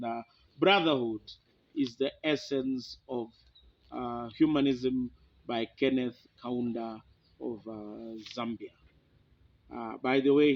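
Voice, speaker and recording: A man from Kenya, giving an informal philosophy lecture in an unhurried way, with many fillers and restarts. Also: mid-range voice, dry recording. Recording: dull, dry lo-fi recording.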